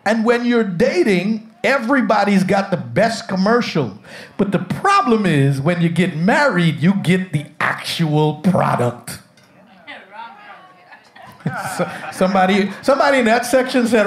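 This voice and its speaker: A man preaching a humorous sermon as pastor, telling jokes and calling on his congregation to answer back. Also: high-pitched. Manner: call-and-response with congregation, jokey. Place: church sanctuary with congregation.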